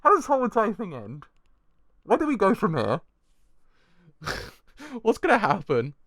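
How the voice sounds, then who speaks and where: A young man hosting a live manga reaction and review, excitable, swearing freely and laughing often. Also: sits high, measured pace, no room sound. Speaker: manga reaction channel host.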